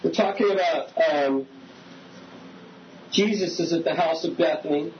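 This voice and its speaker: Male pastor, high voice, conversational sermon with questions to the room, slightly dull recording with faint hiss. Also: a little slow. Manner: conversational preaching, asks the congregation questions.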